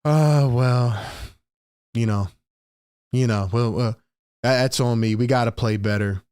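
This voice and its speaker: A man mimicking a low-energy male athlete who mumbles flatly at a press conference, full of fillers. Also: measured pace, clean tone, no room sound, clean studio sound, lightly acted. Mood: mumbling.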